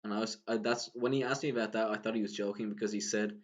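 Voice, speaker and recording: A man's voice: lowish voice, fairly even intonation, fast talker, muffled recording. A young Irish man, a podcast co-host, telling a long story in casual chat, full of "like"s and laughing as he goes. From Ireland. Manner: rambling storyteller, many "like"s, laughs while talking.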